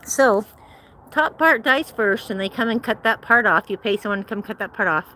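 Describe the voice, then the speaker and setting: A woman's voice: medium pitch, animated, moderate pace, sharp tone, a little hiss or hum. An older woman walking outdoors at sunset, chatting in a rambling way to live-stream viewers through her handheld phone. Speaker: livestream host. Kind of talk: casual live-stream chat. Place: outdoors on an evening walk. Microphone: phone held in hand.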